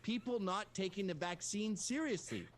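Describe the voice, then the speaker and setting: A man's voice: sits high, animated, moderate pace, crowd noise. A man hosting a heated debate, mocking and combative, swearing often. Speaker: show host in a debate. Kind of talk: heated debate on a video call.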